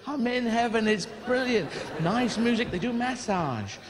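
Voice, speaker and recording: A man's voice: very high-pitched, expressive, unhurried, in a large hall, a crowd in the background, voice pushed up. A man voicing a cheerful woman who chatters happily about life in heaven, on a live recording. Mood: chirpy. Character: chirpy woman calling down from heaven.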